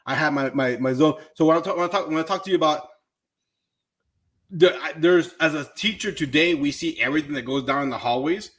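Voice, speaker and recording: A man's voice: fairly high pitch, fairly quick, fairly bright tone. A man who is a teacher, talking as a podcast guest in earnest, casual chat, repeating words and saying "dude".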